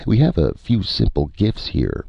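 A wry, hard-bitten male space explorer, as a man reads him, blunt and dryly sarcastic. The voice is very deep and gravelly, with lively swings in pitch. The sound is dull and lo-fi. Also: measured pace, no echo, exaggerated voice.

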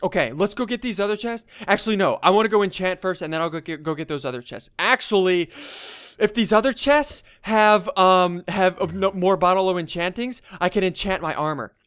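Young man, gameplay commentary, excitable, mutters then yells, dry close sound. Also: high-pitched, fairly quick, smooth, no room sound. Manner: excitable, swings from muttering to yelling. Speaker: gaming YouTuber.

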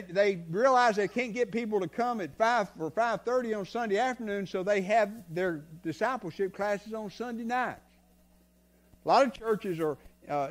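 An older man, preaching a sermon as a guest speaker. He talks in a folksy, storytelling way and moves between soft asides and loud stretches. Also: high voice. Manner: folksy, tells stories, swings from soft to loud. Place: church sanctuary.

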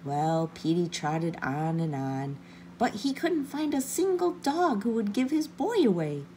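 A woman reading a children's picture book aloud with gentle, expressive narration. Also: mid-range voice, a little slow, a little hiss or hum. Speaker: children's story reader. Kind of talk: storybook read-aloud.

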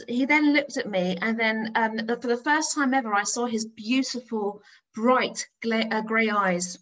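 A middle-aged woman from north-west London tells a story from her classroom on stage, her voice sitting a little high. She talks like a lively teacher, acting out her own words with plenty of energy. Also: moderate pace, dull audio. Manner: animated storyteller, acts out her own excited voice. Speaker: teacher giving a talk.

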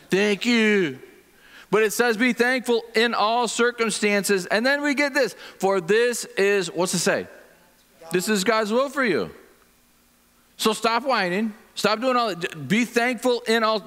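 Joking pastor in an echoing church. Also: male voice, high-pitched, a bit bright. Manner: conversational and joking, acts out little voices. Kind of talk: sermon. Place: church sanctuary.

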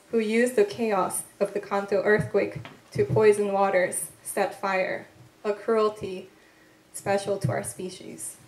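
A woman from Korea reading her poems aloud at a live literary event, slow and deliberate with pauses between lines, with soft, tentative asides between poems. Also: mid-range voice. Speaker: poet reading her work. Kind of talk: poetry reading. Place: event room at a literary venue. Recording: echoey live event room.

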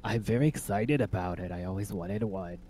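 Low-voiced man, dry joking banter. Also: a little fast, mellow, slight background noise. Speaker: fellow role-play player. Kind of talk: in-character role-play chat.

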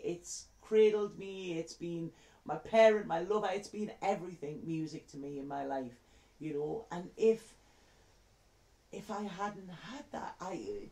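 A woman's voice: on the low side, mellow, reverberant. A woman, a tarot reader telling a heartfelt story to camera in a chatty way. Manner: heartfelt, chatty, repeats words.

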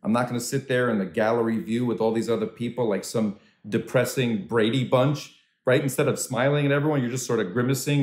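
A man doing a stand-up comedy set from home over a video call, animated and swooping into high voices for quoted people. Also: brisk, echoey room. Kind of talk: stand-up comedy set for a virtual charity dinner.

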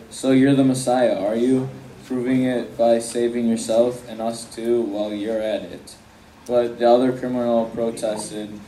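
A man reads scripture aloud in a very dark, low voice, steady and plain. He is far from the mic in an echoey room with faint ambience. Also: slight background noise. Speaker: scripture reader.

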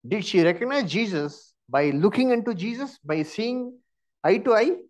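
A man's voice: sits high, animated, normal speed, a little mellow. A man with an Indian English accent teaching a Bible lesson, firing questions and prompting answers with "huh?".

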